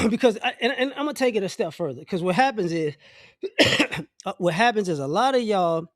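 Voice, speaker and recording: A middle-aged man with a notably high voice delivers a blunt, profane opinion rant to camera. He rambles and restarts his sentences as he talks. The recording is dry and close, with no room sound. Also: lively intonation, fairly quick, a bit bright, no room sound. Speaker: vlogger.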